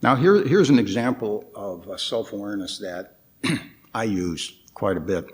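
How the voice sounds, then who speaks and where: A man with a somewhat low voice delivers a guest dharma talk at an easy, slow pace. His pitch moves widely as he explains, and he often pauses and restarts his phrases. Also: expressive. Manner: hesitant, with frequent restarts and pauses.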